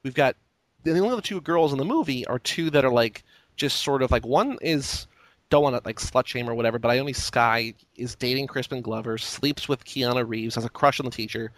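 A man's voice: medium pitch, a little fast, fairly bright tone, no room sound. A man co-hosting a casual film discussion podcast, talking hesitantly with many fillers and restarts. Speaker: podcast co-host.

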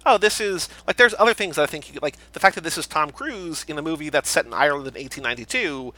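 Male podcast host, bright tone, brisk and animated movie chat. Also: a little high.

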